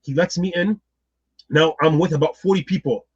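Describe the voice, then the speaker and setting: A man telling a personal story as a guest, lively and acting out the people in it. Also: on the high side, moderate pace, slightly rough, dry recording, muffled recording.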